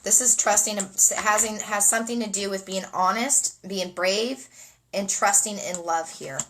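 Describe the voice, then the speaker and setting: Bright-voiced woman reading spiritual cards. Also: mid-range voice, a little slow, slight background noise, low-quality recording. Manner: dreamy, repeats phrases, emotional asides. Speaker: oracle card reader and energy healer. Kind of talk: spontaneous spiritual card reading.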